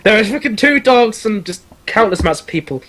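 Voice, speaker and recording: Brief: male podcast host from England, animated, swears and laughs, video call audio. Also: sits high, a little fast. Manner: swears freely, laughs often, lively storytelling. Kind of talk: casual chat.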